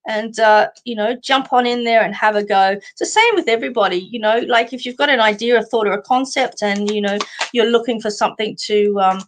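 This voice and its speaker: An Australian woman, a psychic medium, hosts a live stream of card readings in a slightly high voice at a brisk pace. She's warm and chatty, uses plenty of fillers, and calls her viewers sweetheart.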